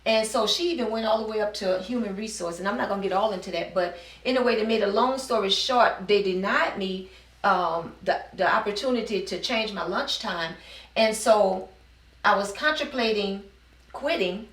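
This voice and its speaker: In a roomy recording with the mic set far away, a middle-aged interviewee who owns a business in New Orleans, USA, earnestly recounts her personal story. Her mid-range voice is a bit bright and moves at a moderate pace.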